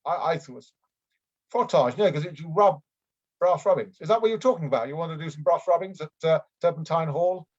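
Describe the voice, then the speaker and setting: Over dull, lo-fi video call audio, a male improv performer plays a bumbling, unfit middle-aged aristocrat in an improvised comedy scene. He rambles hesitantly, full of ums and constant restarts. His natural voice is a little high and fairly quick.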